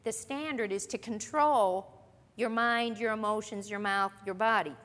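Speaking a little slowly in a somewhat bright, mid-range voice, a woman leads a church Bible lesson before an audience in a meeting room. Her manner is earnest and conversational, and she puts questions to the group. A long, hall-like reverb fills the recording.

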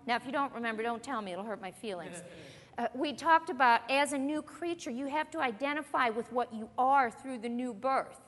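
A woman's voice: a little high, brisk, fairly bright tone. Earnest woman teaching a Bible lesson. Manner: earnest, conversational, with rhetorical questions. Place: church meeting room with an audience. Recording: long reverb of a hall.

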